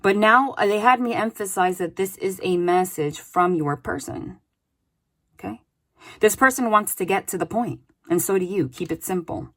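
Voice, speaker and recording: A woman's voice: medium pitch, normal speed, fairly bright tone. A woman giving a casual spoken tarot reading, chatty and loose, often adding "like" and "okay?". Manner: chatty, with many "like" and "okay?" tags. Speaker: tarot reader.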